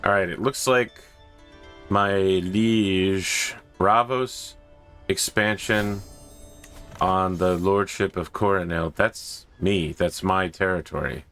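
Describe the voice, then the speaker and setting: A man with a very low, deep voice talks through a strategy game in a loose, casual way, tossing in joking and self-mocking asides. Faint music plays quietly beneath him. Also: fairly even intonation, slow. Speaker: gaming video host. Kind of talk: casual gameplay commentary.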